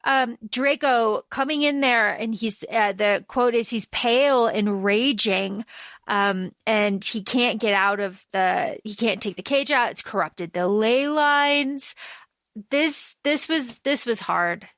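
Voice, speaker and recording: A woman on a casual fan podcast with a fairly high voice. She recaps eagerly and slips into lower or higher voices for quoted lines. The sound is dry and close to the mic. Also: slow, a bit bright, no room sound. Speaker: podcast co-host.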